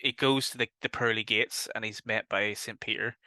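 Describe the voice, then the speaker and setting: A man's voice: fairly low pitch, fairly even intonation, fairly quick, sharp tone, no echo. A Northern Irish man co-hosting a podcast, casually recapping plots and swearing offhandedly. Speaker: podcast co-host. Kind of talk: casual chat.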